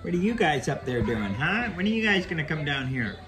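Woman cooing to a parrot, lively pitch. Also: brisk, over loud music. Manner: coaxing sing-song baby talk; gentle and affectionate. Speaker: parrot rescue caretaker. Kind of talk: talking to a pet bird.

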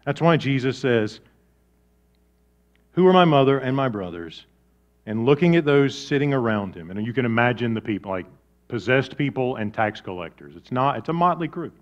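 A man preaching a sermon, swinging from loud, animated storytelling to quiet, low emphasis. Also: fairly quick, highs cut off. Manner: lively preaching with big swings in volume. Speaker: pastor.

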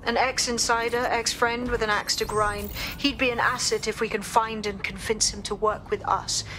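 A resolute resistance operative. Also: female voice, a little high, flat delivery, moderate pace, sharp tone, slight background noise, rough recording. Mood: determined. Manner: determined and businesslike. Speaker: resistance ally in a video game.

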